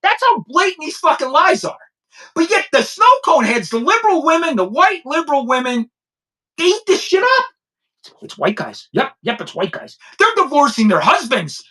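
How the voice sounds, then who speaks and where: A man's voice: extremely high pitch, sing-song, moderate pace, pushed and bright. A middle-aged man and former detective hosting a podcast, ranting emphatically and combatively, and checking in with the listener again and again. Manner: emphatic, combative, keeps asking "okay?". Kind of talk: opinionated podcast rant.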